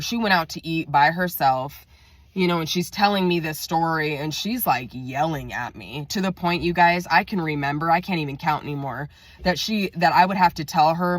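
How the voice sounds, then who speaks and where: A woman chats to her viewers in a casual storytime vlog, venting about a past job with lots of fillers. Her voice sits fairly low, and the recording is close and dry, with no room sound. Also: no room sound. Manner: chatty, venting, acts out quotes in raised voice. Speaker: vlogger.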